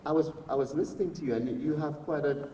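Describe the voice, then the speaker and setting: Brief: male interviewer, warm, dark tone, distant from the mic in an echoey hall with faint noise. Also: on the high side. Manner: friendly, complimentary, halting. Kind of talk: casual interview talk.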